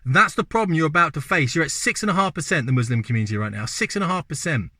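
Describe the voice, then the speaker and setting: A middle-aged Englishman, delivering an opinionated talking-head monologue with forceful repetition and rhetorical questions. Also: fairly high pitch, lively intonation, fast talker, breathy edge, dry recording, clean studio sound. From England. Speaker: video host.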